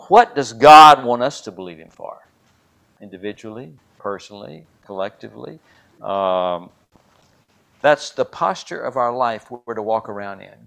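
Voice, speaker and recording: An older man preaching a sermon and telling a story, swinging between loud, dramatic lines and hushed ones. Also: lowish voice. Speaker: pastor.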